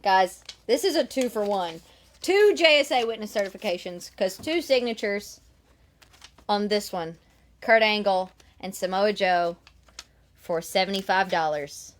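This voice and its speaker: A woman's voice: mid-range voice, expressive, a little slow. A woman hosting a live sales stream, bubbly and teasing, laughing often. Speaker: host selling signed merchandise.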